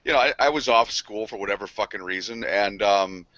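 Lower-voiced man, profane and rambling. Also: fairly quick, fairly bright tone, no room sound. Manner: profane, rambling, laughs often. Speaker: podcast co-host. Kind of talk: casual storytelling among friends. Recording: dry, dull lo-fi podcast audio.

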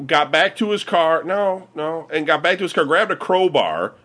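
Midwestern guy telling crazy stories with his buddies, swears a lot, voice jumps all over, kinda bright. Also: a little high, moderate pace. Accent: Midwestern American. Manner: swearing, laughing storyteller with lively quoted voices. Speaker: podcast regular. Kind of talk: casual storytelling among friends.

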